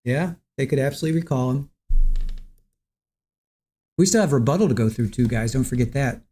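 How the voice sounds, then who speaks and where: A relaxed livestream host chatting casually through viewer comments, the voice dark and mellow with middling pitch. The talk is loose and easygoing, with small chuckles between remarks. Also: brisk.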